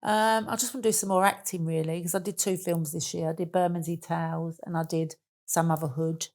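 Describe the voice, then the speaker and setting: Gravelly low-voiced woman. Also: fairly even intonation, fairly quick, a little mellow. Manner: chatty, rambling, laughs easily. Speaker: interview guest. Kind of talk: casual storytelling chat.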